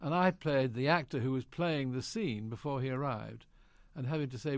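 A man's voice: medium pitch, normal speed, hardly any pauses, no room sound, studio quality. An older British man, an actor, genially telling anecdotes in an interview and acting out quoted lines. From Britain. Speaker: actor guest.

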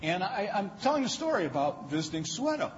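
A man's voice: sits high, big pitch swings, fast, slight background noise. A man giving a humorous speech, telling anecdotes with frequent stammered restarts. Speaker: speaker giving a lecture. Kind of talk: storytelling speech. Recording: dull lo-fi recording in a large reverberant hall.

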